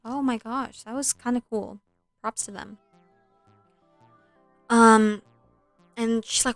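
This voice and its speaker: A woman's voice: on the high side, fairly even intonation, slow pace, long pauses, no room sound, faint music behind. A young woman streaming a video game, chatting casually and retelling a film in between plays, with lots of likes and ums. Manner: chatty, scattered, filler-heavy, swears at the game.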